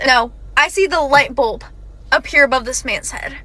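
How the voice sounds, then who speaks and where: Young woman, casual storytime, very high voice, animated and quick. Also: a little hiss or hum. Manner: animated and fast, with frequent "like" and "okay".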